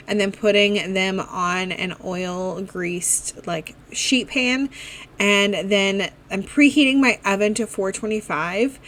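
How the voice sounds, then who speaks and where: A woman's voice: medium pitch, fairly bright tone. A woman giving a casual, chatty voice-over as she walks through her family's dinners step by step, with the odd "like" and "um". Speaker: cooking vlogger.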